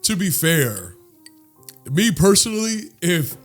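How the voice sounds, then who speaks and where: A man's voice: high-pitched, sing-song, slow pace, faint music behind. A man on a podcast, reacting and joking in casual chat. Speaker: podcast co-host.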